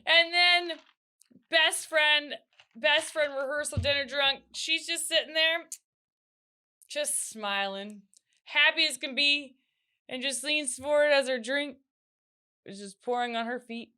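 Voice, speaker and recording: A woman in her thirties co-hosting a casual podcast, telling a family story with animated voices. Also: high voice, slow, pauses often. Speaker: podcast co-host. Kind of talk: casual chat.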